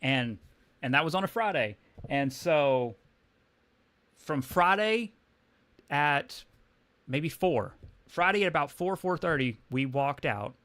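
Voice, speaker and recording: A man's voice: fairly high pitch, animated, takes it slowly, long pauses, fairly bright tone, dry recording. A man from Texas with a Texan accent, telling a personal story on a livestream in a casual, rambling way, full of restarts and fillers. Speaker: comics livestream host.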